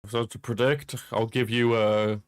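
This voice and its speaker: A man's voice: on the low side, level tone, normal speed, dry recording. A young man hosting a football watchalong stream, rambling and chuckling as he chats with viewers over a streaming microphone. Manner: rambling, chuckles often, talks to chat. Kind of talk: casual live-stream chat.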